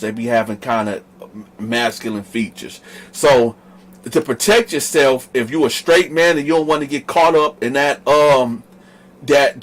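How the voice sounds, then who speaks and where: A man from the northern United States, the host, telling a story in a casual, animated, slangy way straight to his viewers. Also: fairly high pitch, low-quality recording.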